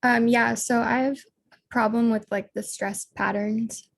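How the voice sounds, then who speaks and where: Student girl on a call, flat gravelly voice, lots of um and like. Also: a little high, unhurried. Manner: hesitant, many fillers.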